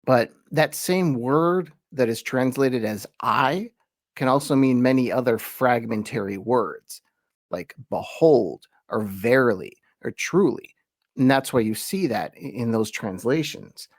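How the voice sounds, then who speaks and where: A man hosting a conversational lesson, explaining in a relaxed, chatty way and reading quoted verses slowly with emphasis. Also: medium pitch, dry recording, clean studio sound. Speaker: host and teacher.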